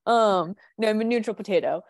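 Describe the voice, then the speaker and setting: A woman's voice: mid-range voice, brisk, dry recording, clean studio sound. A woman co-hosting a podcast, talking candidly and rambling in casual chat, laughing often. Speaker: podcast co-host.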